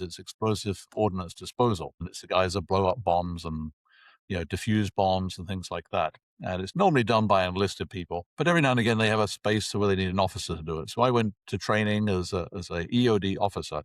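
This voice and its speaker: A man in his sixties from England, a guest telling lively anecdotes in conversation and acting out the dialogue. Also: low-pitched, dry recording. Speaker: interview guest. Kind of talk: conversational storytelling.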